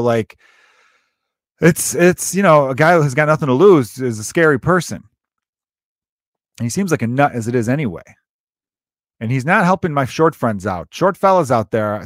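A man's voice: mid-range voice, no echo, clean studio sound. A man, talking through a loose, profane, rambling podcast monologue and often restarting his sentences. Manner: rambling, profane, self-interrupting storyteller. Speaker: podcast host. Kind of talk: casual monologue.

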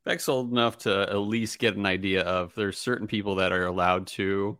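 Bright-voiced, low-pitched male podcast co-host. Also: steady tone, moderate pace, smooth, no room sound, clean studio sound. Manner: agreeable, frequent listener affirmations. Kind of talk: casual chat.

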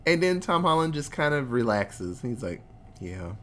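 Brief: podcast co-host, excitable and profane, very animated pitch. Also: normal speed. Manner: excitable, profane, laughing often. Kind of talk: casual movie recap.

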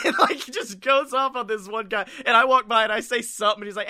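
A man hosting a podcast, chatting casually and laughing as he tells animated stories. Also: sits high, a little fast, hardly any pauses, no echo, studio quality. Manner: animated storyteller, laughs while telling. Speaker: podcast host. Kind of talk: casual chat.

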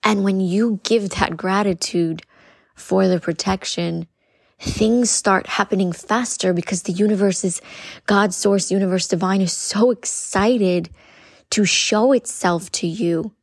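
A woman's voice: mid-range voice, fairly even intonation, unhurried, vocal fry, no echo, clean studio sound. A woman podcast host giving an earnest spiritual coaching talk, repeating phrases and speaking directly to her listeners.

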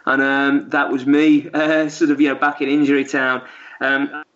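A man's voice: mid-range voice, flat delivery, moderate pace, fairly bright tone. A man, a guest, telling a story in a casual, rambling way with lots of fillers and restarts. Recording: dull lo-fi audio.

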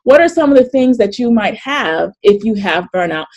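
A middle-aged woman hosting a live online workshop over a video call, chatty and animated, often laughing and reading chat comments aloud. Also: mid-range voice, moderate pace. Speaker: coach and webinar host.

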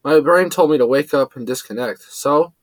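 A man's voice: mid-range voice, normal speed, dry recording, natural voice. A man doing Xavier, a brash young pilot. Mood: urgent.

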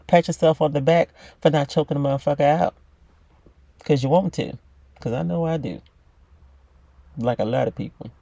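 A male self-help podcaster delivers a blunt, profanity-laden motivational monologue about self-love, addressing the listener directly. His voice sits on the high side, warm with vocal fry, and has no echo.

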